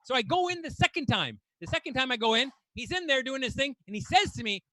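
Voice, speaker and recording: A man's voice: very high-pitched, sing-song, fast, few pauses, bright, forceful tone. A man doing a stand-up comedy set on a club stage, ranting in exasperation and swearing casually.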